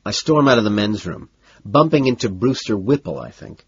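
An audiobook narrator reads a novel in the first person with a low, husky voice, cool and measured yet animated. The recording sounds dull and dry, somewhat lo-fi, with no room sound.

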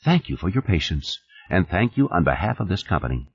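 A man voicing a smooth, ingratiating corporate executive in an audiobook reading. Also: low-pitched, sing-song, fairly quick, exaggerated voice. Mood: soothing. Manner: soothing, glib. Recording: dull lo-fi audio.

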